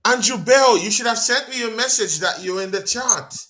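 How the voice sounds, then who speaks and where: A man's voice: high-pitched, fairly quick, crowd noise. A man hosting a live watch-along stream, chatting casually and teasing his guests with lots of laughter. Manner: laughs a lot, teasing banter.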